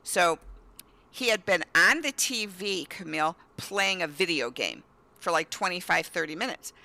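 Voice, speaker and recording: Bright-voiced woman telling family stories. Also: fairly low pitch, moderate pace, vocal fry. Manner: animated anecdotes, often acting out a child's lines. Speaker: guest. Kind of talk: storytelling in casual conversation.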